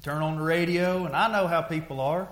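A man preaching a sermon, telling folksy stories and moving from hushed, heavy moments to loud, pressing exhortation. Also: a little high, brisk, roomy sound.

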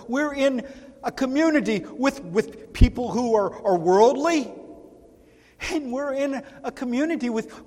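A male pastor preaching a sermon in a church, earnest and emphatic, with long pauses. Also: extremely high pitch. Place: church sanctuary. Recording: reverberant church hall.

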